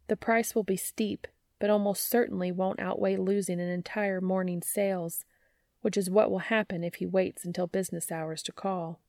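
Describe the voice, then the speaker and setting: A woman narrates a story in a low, gravelly voice that sits close and dry on the mic. She reads at an even, measured pace as a podcast host sharing fan fiction. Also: no room sound.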